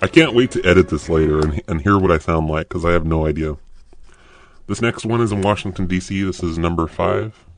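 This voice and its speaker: A man live-streaming prank calls with his voice pitched down by a voice changer, talking crudely and mocking as he reads the chat. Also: fairly quick, no room sound. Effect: pitch-lowering voice changer. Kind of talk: prank-call livestream chat.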